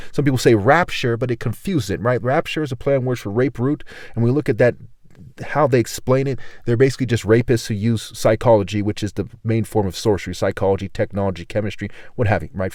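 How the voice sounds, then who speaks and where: A man's voice: medium pitch, darkish tone, no room sound, clean studio sound. A man reading scripture aloud and rambling through his own commentary, often tagging his sentences with "right?" and repeating words. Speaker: self-styled religious teacher.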